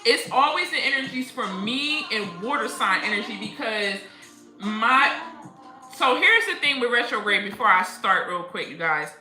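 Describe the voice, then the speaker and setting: A woman's voice: on the high side, moderate pace. A woman hosting a spiritual livestream, chatting casually and telling stories with lots of laughter. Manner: animated, laughing storyteller. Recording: echoey room with faint music.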